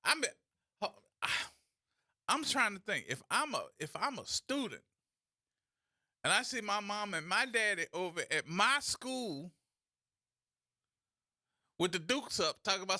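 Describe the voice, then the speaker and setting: Animated, sarcastic New radio host. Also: male voice, high-pitched, measured pace, long pauses, no echo, studio quality. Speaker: radio talk show host. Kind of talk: opinionated call-out commentary.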